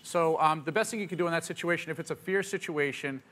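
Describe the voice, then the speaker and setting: A man answering audience questions as a pet expert on a TV talk show, upbeat and quick. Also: on the high side, fairly bright tone. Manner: upbeat, quick, puts on dog voices in quotes. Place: TV studio with audience.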